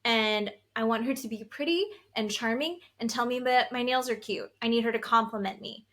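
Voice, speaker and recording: A woman's voice: a little high, normal speed, fairly bright tone. A woman co-hosting a podcast in casual chat, telling blunt, opinionated stories. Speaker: podcast co-host.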